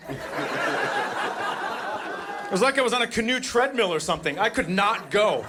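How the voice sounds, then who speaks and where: A man's voice: high voice, lively intonation, normal speed, long pauses, noisy background. A middle-aged man doing a stand-up comedy set, telling dry stories that break into exasperated outbursts.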